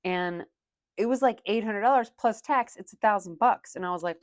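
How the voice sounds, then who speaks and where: A woman's voice: medium pitch, moderate pace, no room sound, clean studio sound. A young woman and working mom chatting casually while counting cash for her budget, rambling with lots of "like".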